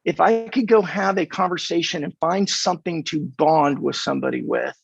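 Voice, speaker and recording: A podcast guest from California, an American man in his fifties, speaks at a moderate pace in a husky, gravelly voice that's a bit high for a man, with no room sound. He animatedly performs the dialogue in his stories during a casual interview, over dull, dry remote audio.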